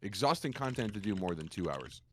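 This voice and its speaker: A man with a low voice, a streamer guest on a podcast, telling his stories in a lively, animated way. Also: brisk, a little hiss or hum. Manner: animated storyteller, acts out quoted gamers in a raised voice. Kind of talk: casual podcast conversation.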